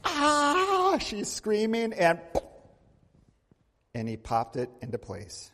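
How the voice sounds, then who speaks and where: A male pastor preaching a sermon, telling a story with big swings in pitch and loudness and asking the congregation questions. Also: sing-song, slow. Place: church sanctuary. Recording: long church reverb.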